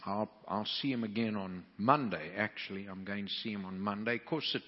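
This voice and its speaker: A man preaching to a crowd of preachers, telling a folksy, animated story full of restarts. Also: fairly low pitch, brisk, big-room sound, muffled recording.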